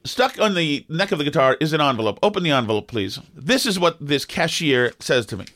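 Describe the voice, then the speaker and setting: A middle-aged man, co-hosting a podcast and telling a story in an animated, exasperated way with lots of restarts. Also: on the high side, brisk, no echo. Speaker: podcast co-host. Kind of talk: casual storytelling chat.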